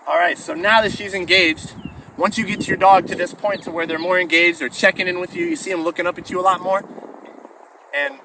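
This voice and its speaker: A man with a high-pitched voice explains dog training step by step, relaxed, as he walks a dog outdoors. He is picked up from some distance, with clear outdoor noise of traffic and animals behind him. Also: fairly quick. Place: outdoors while walking a dog.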